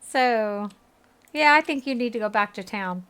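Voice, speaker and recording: A woman's voice: a little high, expressive, a little slow, a bit bright, smooth. A woman in her thirties chatting with her viewers while streaming a game, laughing often. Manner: giggly, chatty, talks to chat. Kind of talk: casual gaming livestream chat.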